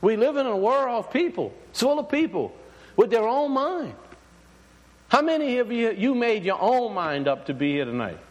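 A man with a very high-pitched, sing-song voice preaches to a congregation at a moderate pace, loosely and conversationally. He uses many fillers and restarts and often asks his listeners questions, and long hall reverb trails his voice.

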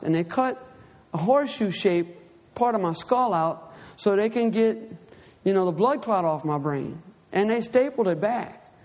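A man with a notably high voice preaches, moving from a Bible reading into a lively personal testimony. He acts out his own cries as he tells the story. The sound trails off in a long reverb.

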